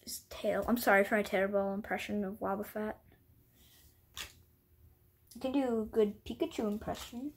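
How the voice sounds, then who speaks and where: A woman speaks at a medium pitch and a quick clip, barely pausing. She's vlogging casually from home, showing off her collection while rambling, apologizing a lot, poking fun at herself, and now and then sinking to a whisper.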